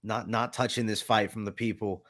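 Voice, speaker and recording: A man's voice: on the low side, steady tone, normal speed, a bit bright. A man hosting a casual sports betting chat, laid-back as he breaks down odds and picks. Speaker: host.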